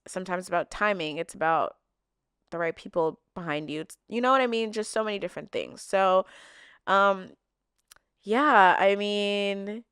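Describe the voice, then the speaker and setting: A woman's voice: mid-range voice, a bit bright, smooth, no room sound, studio quality. A young woman chatting casually to camera, answering viewer questions in an open, emotional way with lots of filler words. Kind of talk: casual heartfelt chat to camera.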